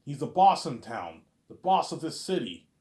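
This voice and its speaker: A man acting out a gruff, dismissive male cop in a story he tells, curt and bossy. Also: mid-range voice, very animated, fairly quick, voice pushed up, lightly acted.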